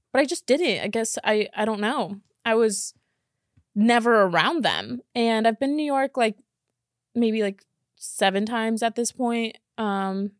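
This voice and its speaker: A young woman hosting a podcast chats casually and rambles, laughing often and saying "like" a lot. Her voice is mid-range, and the sound is clean studio audio with no echo.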